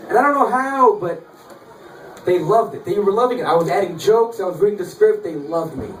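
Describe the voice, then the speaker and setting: A man's voice: high voice, fairly quick, noisy background. A man performing a stand-up comedy set in the back room of a bar, telling stories with wry timing and acting out the dialogue. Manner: animated, wry storytelling with acted-out dialogue. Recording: echoey bar room, mic at a distance, audience laughter. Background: live audience laughing.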